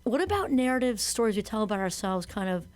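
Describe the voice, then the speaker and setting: An enthusiastic woman talking in a casual podcast conversation. She is chatty and agrees readily with her co-host, and her voice sits at an ordinary middle pitch. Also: sing-song, quick pace.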